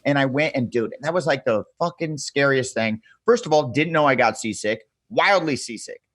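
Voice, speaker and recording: A man's voice: mid-range voice, animated, normal speed, fairly bright tone, no room sound. A man in his thirties, a podcast guest, telling a wild story in a casual, profane way and acting out the people he quotes.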